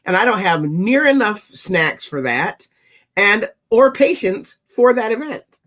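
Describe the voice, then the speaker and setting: A panelist in a casual panel chat, speaking at an ordinary middle pitch. The delivery is wry and joking, and stories ramble along with small restarts. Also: sing-song, a little slow, fairly bright tone.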